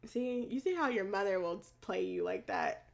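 A woman's voice: mid-range voice, huge pitch swings, moderate pace. A woman co-hosting a podcast in casual chat, laughing often and telling stories with animation. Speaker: podcast co-host.

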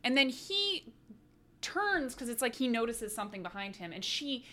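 A woman co-hosts a casual podcast with a bright, crisp voice. She retells scenes in a chatty, animated way, sprinkling "like" throughout. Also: on the high side, normal speed. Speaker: podcast co-host.

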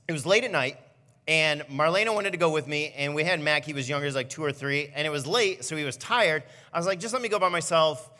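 Bright-voiced man preaching in a reverberant hall. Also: fairly high pitch. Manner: animated storytelling with self-mocking humor. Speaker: student pastor. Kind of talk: sermon with personal stories. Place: church auditorium.

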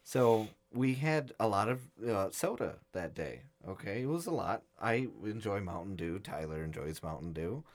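A man's voice: lowish voice, moderate pace, few pauses. A young man co-hosting a podcast, casually telling a funny story, acting out the voices of friends and laughing along. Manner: animated storyteller, acts out quotes, laughs often. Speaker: podcast co-host.

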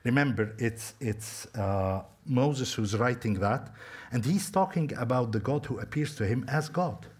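A man's voice: medium pitch, animated, a little slow, a little mellow, husky. A man preaching a sermon, telling a story conversationally and talking straight to his listeners. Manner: storytelling, talks to listeners directly.

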